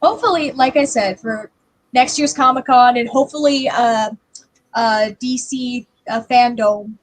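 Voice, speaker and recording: A woman co-hosting a casual livestream chat over a video call, telling stories in an animated way and acting out what people said. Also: a little high, a little slow. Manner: animated storyteller, acts out quotes. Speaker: livestream co-host.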